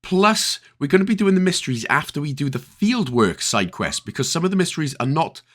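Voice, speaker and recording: This man's voice is a little high and sing-song, fairly quick and fairly bright, with a Northern Irish accent. He creates video game guides and chats through a casual gameplay walkthrough, full of jokey asides.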